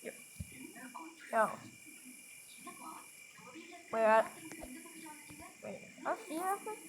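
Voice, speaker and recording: A woman chatting casually with friends while playing a game, excitable and prone to panicked yelps. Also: fairly high pitch, drawn-out words, noisy background. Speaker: gamer. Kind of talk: casual gameplay commentary with friends. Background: game music.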